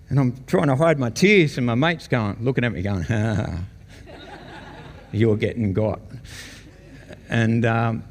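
Australian man, mid-range voice, chatty testimony-style storytelling to a church crowd, long hall reverb. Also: medium pitch. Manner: conversational storytelling, chuckles often. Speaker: church guest speaker. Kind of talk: personal testimony to a congregation.

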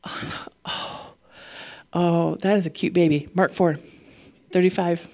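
A woman preaching a casual, conversational sermon, animated and chatty, her voice climbing when she gets fired up. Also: on the low side, moderate pace.

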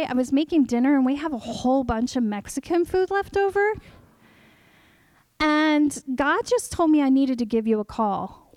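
A woman preaches a sermon in a high, bright-sitting voice. She tells a personal testimony with animated storytelling, acting out her own past words. The sound is dry and close, with no room around it. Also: normal speed, dry recording.

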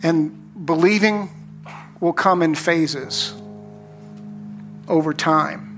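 Male pastor preaching slow, kinda high voice, faint music behind. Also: fairly bright tone. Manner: slow, emphatic preaching with long pauses. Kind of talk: sermon.

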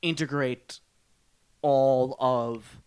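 A man's voice: mid-range voice, steady tone, very slow, darkish tone, smooth. A man co-hosting a podcast, talking casually in a rambling way, restarting and correcting himself with lots of fillers. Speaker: podcast co-host. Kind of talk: casual chat.

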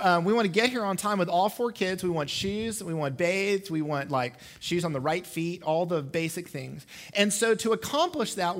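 A man in his thirties preaching a sermon, a father of four, telling animated stories from home and acting out the quotes. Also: high voice. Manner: animated storytelling, acts out quotes. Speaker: pastor. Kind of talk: sermon with family anecdotes.

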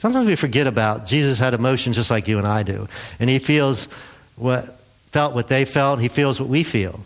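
A man's voice: mid-range voice, creaky. A conversational male pastor preaching. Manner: conversational, chuckles often, acts out quotes. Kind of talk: sermon.

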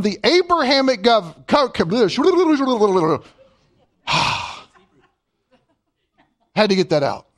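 High, lively preacher. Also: male voice. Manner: emphatic, slows way down to read scripture. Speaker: pastor. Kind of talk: sermon.

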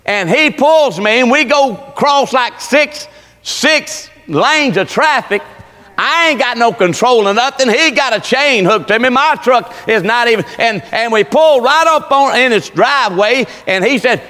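Brief: preacher man, high bright voice, folksy storytelling, reverberant hall. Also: expressive, normal speed. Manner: folksy storytelling with Southern dialect, rising to shouts. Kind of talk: sermon.

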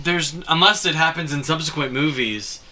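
A man's voice: fairly high pitch, normal speed, bright, forceful tone, slight background noise. A man in a casual movie chat, reasoning through plot rules aloud with careful restarts. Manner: analytical, thinks aloud with restarts. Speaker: podcast co-host.

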